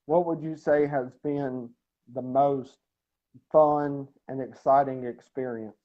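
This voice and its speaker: A man's voice: mid-range voice, fairly even intonation, slow, muffled recording. A man hosting an online interview show, talking in a friendly, casual way and calling his guest buddy and sir. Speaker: show host.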